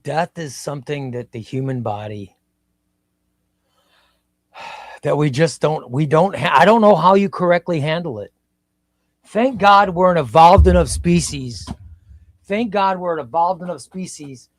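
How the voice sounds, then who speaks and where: A man in his fifties hosting a casual live stream, talking slowly and reflectively and often repeating his phrases. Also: a little high, no room sound. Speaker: livestream host. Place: home room.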